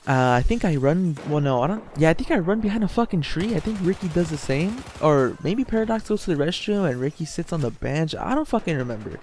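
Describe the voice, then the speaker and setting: A man's voice: a little high, expressive, a little fast, few pauses, a little mellow, slight background noise. Rambling, profane young man telling a story. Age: young adult. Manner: rambling and profane, full of "you know" and "like", laughing as he tells. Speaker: YouTuber. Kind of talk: casual storytime vlog.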